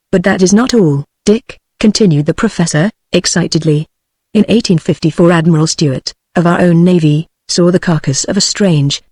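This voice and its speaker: A synthetic British English woman's voice narrating an old novel as an audiobook, with an even, steady delivery. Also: fairly low pitch, no echo.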